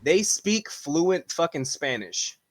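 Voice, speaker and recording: A young man co-hosting a podcast, telling a story in a relaxed way and swearing casually. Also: fairly high pitch, takes it slowly, dry recording.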